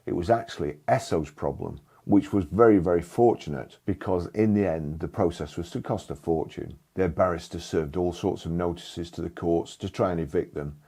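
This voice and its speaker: Older guy telling his story, low husky voice, dry and blunt. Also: moderate pace, few pauses, mellow. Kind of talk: first-person storytelling.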